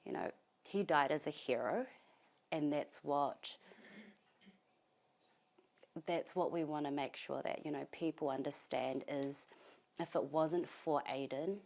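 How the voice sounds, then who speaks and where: A young woman, grieving and giving an interview at her family home, speaking softly and haltingly with many pauses. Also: very deep voice, gravelly. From New Zealand. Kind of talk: emotional interview testimony.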